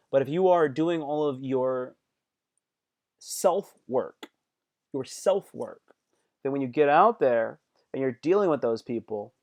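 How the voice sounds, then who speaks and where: A man's voice: medium pitch, darkish tone. A man hosting a live stream, giving casual motivational talk in slangy speech that repeats phrases and acts out angry outbursts.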